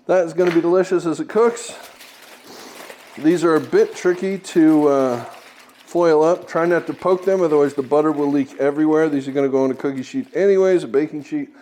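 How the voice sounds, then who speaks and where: A man's voice: fairly high pitch, fairly quick, mellow, a little hiss or hum. A man hosting a casual cooking tutorial in a home kitchen, chatty and joking as he goes. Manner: jokey, chatty, self-deprecating asides. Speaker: cooking video host.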